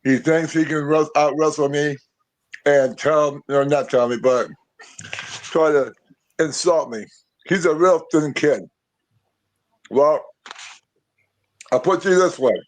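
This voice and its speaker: A man's voice: a little high, takes it slowly, long pauses, poor audio. A man, a pro wrestler, speaking bluntly as a guest in a casual podcast interview. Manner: blunt, calls people brother.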